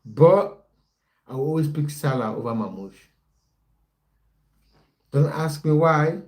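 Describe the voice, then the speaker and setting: A young man hosts a relaxed football livestream, talking to his viewers in a warm, mellow voice. He chats loosely, breaks off often and restarts his sentences, and reads out their comments as they arrive. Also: a little high, slow pace. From based in the United Kingdom. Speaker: football coach and livestream host. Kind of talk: casual livestream chat with viewers.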